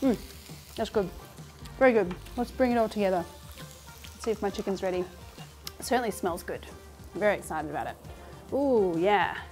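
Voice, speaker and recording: A woman's voice: mid-range voice, lively intonation, moderate pace, pauses often, darkish tone, faint music behind. A woman in her thirties hosting a cooking show from her home kitchen. She talks casually and enthusiastically through the recipe and laughs often.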